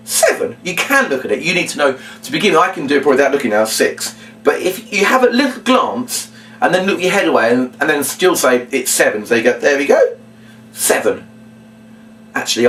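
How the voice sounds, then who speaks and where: A man explaining a children's party routine and acting out what he says to the kids, with big bursts of shouting. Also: a little high. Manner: animated, acts out lines to children with big shouts. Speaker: children's entertainer teaching a routine. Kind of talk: instructional talk with acted demonstrations. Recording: voice from a distance off the mic.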